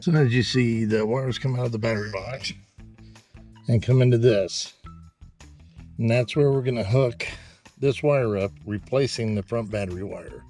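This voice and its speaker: A man giving a casual, halting how-to walkthrough of wiring his trailer, slightly out of breath. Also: medium pitch, darkish tone. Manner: plain, halting, lots of "uh". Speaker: RV owner doing a DIY install. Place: travel trailer and its storage bay, hot weather.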